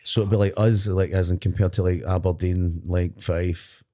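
Glaswegian guy rambling on a podcast, warm dark tone, swears a lot. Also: sits low, little pitch movement, moderate pace. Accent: Glaswegian Scottish. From Scotland. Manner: rambling, swearing, playful musing. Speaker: podcast co-host. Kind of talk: casual chat. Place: podcast studio.

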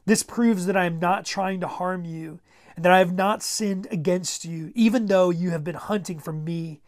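A man's voice: high-pitched, moderate pace, close to an everyday voice. A preacher voicing David, a young male warrior who earnestly pleads with his king, read out during a sermon retelling. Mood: pleading.

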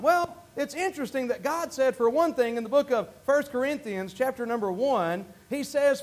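A man's voice: very high-pitched, moderate pace, hardly any pauses. A man from North Carolina with a Southern accent, preaching a folksy, self-deprecating sermon in a church, with many restarts. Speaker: pastor. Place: church sanctuary.

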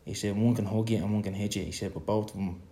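Low, flat-voiced Irish man. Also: slight background noise. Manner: halting, with repeated words and restarts. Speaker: son in a conversation. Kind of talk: reflective conversation.

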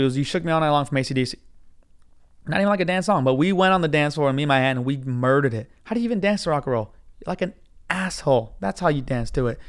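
A man hosting a podcast alone, telling a story in a casual, profane, excitable way and saying "dude" all the time, his voice a little hoarse. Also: fairly high pitch. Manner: profane, animated, says dude constantly. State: hoarse from cigars. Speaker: podcast host.

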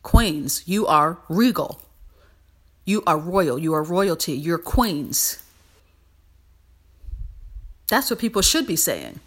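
A woman's voice: fairly low pitch, slow, long pauses. Emphatic woman podcast host. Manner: animated, emphatic, repeats phrases for emphasis. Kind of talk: casual motivational monologue.

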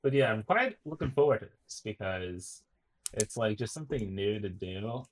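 A man's voice: on the low side, animated, moderate pace, low-quality recording. A young man chatting casually on a podcast, telling stories with lots of fillers and restarts. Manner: rambling, filler-heavy storytelling. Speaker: podcast co-host. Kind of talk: casual chat.

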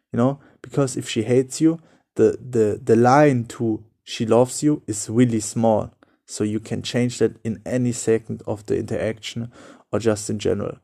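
A man's voice: medium pitch, vocal fry, dark tone. A young man who is not a native English speaker, hosting a solo podcast in an earnest, repetitive way with loose phrasing. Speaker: podcast host. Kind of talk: solo motivational podcast talk.

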